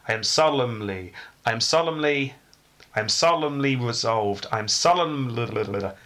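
A man's voice: mid-range voice, animated, normal speed, a bit bright. Man tripping over a line in rehearsal. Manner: stumbling over a word, self-mocking. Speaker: actor. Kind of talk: rehearsal blooper.

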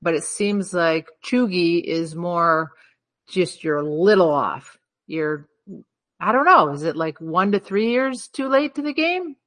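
A woman with a fairly low voice co-hosts a podcast in relaxed chat. She muses aloud, circling around her point and asking herself questions as she goes. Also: a little slow. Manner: musing, wandering, self-questioning. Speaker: podcast co-host. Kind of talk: casual chat.

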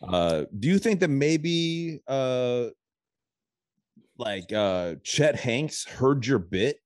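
A man's voice: medium pitch, big pitch swings, extremely slow, darkish tone, dry recording, studio quality. A man hosting a casual podcast, talking loosely and profanely and laughing along with his guest. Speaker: podcast host.

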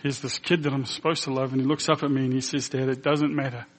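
A man's voice: medium pitch, little pitch movement, fast talker. A man who is a pastor telling a personal testimony in a sermon, emotional and earnest, acting out the dialogue as he tells it. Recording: long hall reverb.

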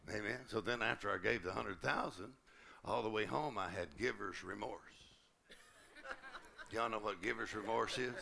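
A male pastor preaching a sermon to a conference congregation, lively and humorous, acting out little quoted exchanges. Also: on the low side, moderate pace, vocal fry. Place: church conference.

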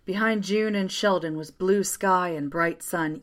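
A woman narrating a first-person story aloud in a quiet, steady way. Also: on the low side, a little slow.

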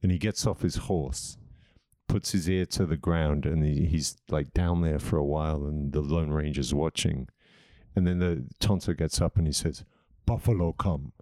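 A man's voice: rumbling low, fairly even intonation, moderate pace, dark tone, no echo, studio quality. A man co-hosting a casual comedy podcast, a playful joke-teller who eggs the others on.

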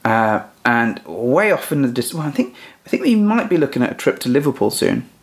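A man's voice: mid-range voice, sing-song, fairly quick. A man co-hosting a podcast, chatting casually in a joking, teasing way and often restarting his sentences. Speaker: podcast co-host. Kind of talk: casual chat.

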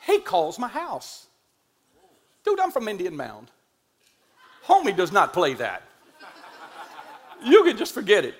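A middle-aged man with a high-pitched voice preaches a sermon, recounting a story from his own life. His delivery is animated, humorous and emphatic.

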